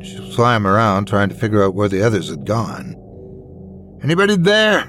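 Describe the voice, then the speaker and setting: A man reading a scripted horror story in a measured, suspenseful manner. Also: fairly low pitch, fairly bright tone, faint music behind. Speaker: narrator.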